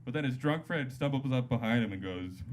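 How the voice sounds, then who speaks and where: A man performing a stand-up set on a comedy club stage into a handheld mic, loose and jokey, breaking into loud voiced-up quotes. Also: medium pitch, lively intonation, a little fast. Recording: live club set with loud audience noise. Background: loud audience laughter.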